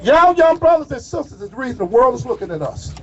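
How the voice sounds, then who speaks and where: A man giving a fiery shouted speech to a crowd at an outdoor protest march, calling out to them like a preacher. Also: extremely high pitch, big pitch swings, quick pace. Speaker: rally speaker. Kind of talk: shouted street rally speech. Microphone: phone recording from the crowd. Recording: muffled phone recording outdoors.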